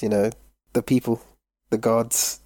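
A woman's voice: extremely low pitch, little pitch movement, a little slow, mellow, dry recording, studio quality. A woman playing a tabletop game, easygoing and laughing often. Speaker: player. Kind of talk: casual tabletop play.

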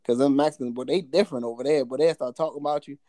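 A man's voice: medium pitch, very fast, warm tone, dry recording. Man telling stories on a podcast. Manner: storytelling with acted-out quotes, laughs easily. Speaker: podcast co-host. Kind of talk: casual chat.

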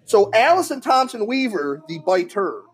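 A man's voice: high voice, moderate pace, husky. A man co-hosting a casual podcast, reading out strange news stories and acting out the quotes with lots of laughter. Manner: animated storyteller, laughs often, acts out quotes. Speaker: podcast co-host.

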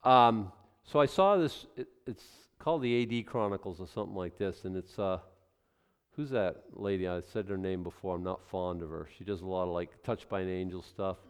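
A man's voice: low voice, normal speed, smooth. A male pastor preaching a sermon in a loose, conversational way, drifting into asides and acted-out scenes.

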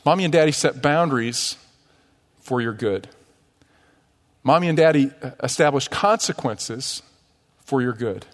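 A middle-aged man preaching a sermon as pastor, conversational and lively with touches of humor. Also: medium pitch, a little slow, pauses often, big-room sound. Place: church sanctuary.

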